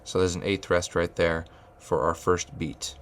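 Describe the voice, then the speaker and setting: A man with a very low, gravelly voice explains rhythm as he writes it out. He talks it through loosely, with fillers and restarts, and chants the counting syllables. A faint hiss sits under the recording. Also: level tone, measured pace, a bit bright. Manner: thinking aloud with many fillers and restarts. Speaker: music teacher. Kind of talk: whiteboard rhythm lesson.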